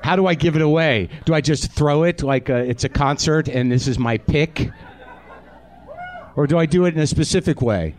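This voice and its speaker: A man's voice: fairly high pitch, normal speed, darkish tone. A man hosting a live comedy show, doing a profane, self-deprecating stand-up rant straight to the audience from a theater stage. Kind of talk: stand-up monologue.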